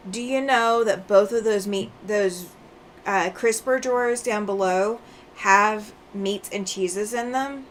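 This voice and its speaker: Tired after road travel, a woman hosts a quilting livestream, sewing, reading out viewer comments, chatting casually, and laughing often. Her medium-pitched voice moves slowly, with a little hiss or hum in the audio.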